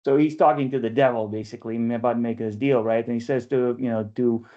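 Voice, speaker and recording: A man leading an online poetry workshop, chatty and playful, often checking in with a quick "right?" as he explains. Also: medium pitch, fairly even intonation, warm tone. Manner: chatty, ends phrases with frequent "right?" tag questions; playful and self-mocking. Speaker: workshop leader and poetry editor. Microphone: video call microphone. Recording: dull lo-fi video call audio.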